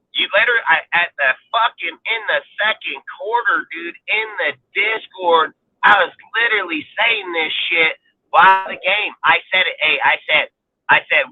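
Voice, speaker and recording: Heated and exasperated, this sports talk show host goes on a profane, casual rant in a high voice at normal speed. Audio comes through a dry, tinny, phone-like line without echo.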